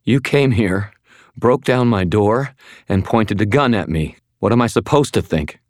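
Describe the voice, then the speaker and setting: A man's voice: fairly low pitch, animated, takes it slowly, a bit bright, no echo, studio quality, pitched above the performer's own voice. A man voicing a frightened, pleading woman. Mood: accusing. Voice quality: rough, thready whisper. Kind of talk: audiobook character voice.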